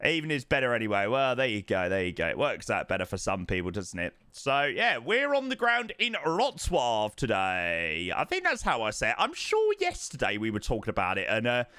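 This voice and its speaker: A man live-streaming a flight sim, chatting excitedly and thanking subscribers, calling everyone mate. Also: medium pitch, a little fast, hardly any pauses, clear, resonant tone, no room sound. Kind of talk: live stream chat while flying.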